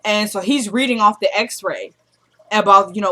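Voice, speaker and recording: Eine Frau mit Südstaatenakzent, die locker eine Serienfolge nacherzählt und die Figuren mit tieferer Stimme zitiert. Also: female voice, normal speed, sharp tone. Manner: retells scenes, quoting characters in a lowered voice. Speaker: TV episode recap vlogger. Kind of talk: casual recap chat.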